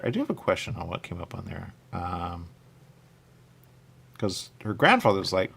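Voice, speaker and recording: Brief: male talk-radio host, low husky gravel, rambling chat that swings up and down a lot. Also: big pitch swings, brisk. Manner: rambling, thinks aloud with many questions.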